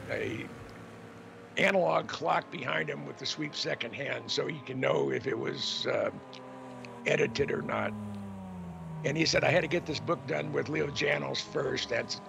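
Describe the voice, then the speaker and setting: A man's voice: on the high side, vocal fry. An older man as a guest on a radio talk show, speaking candidly and rambling a little, with chuckles between thoughts. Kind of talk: radio interview. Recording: noisy radio broadcast.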